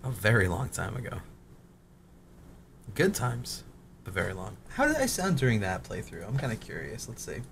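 A man's voice: on the low side, huge pitch swings, normal speed, creaky, pauses often, fairly bright tone, a little hiss or hum. A man in his late twenties with a cracking voice, a gaming creator rambling and swearing through casual commentary on his old videos. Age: late 20s. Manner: rambling, swears a lot, self-mocking.

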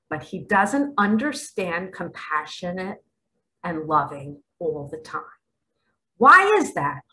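A woman preaches slowly in a bright, lively voice. She asks rhetorical questions and swings between hushed asides and sudden loud exclamations. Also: medium pitch, poor audio. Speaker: self-styled spiritual guide. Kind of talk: preaching monologue to camera.

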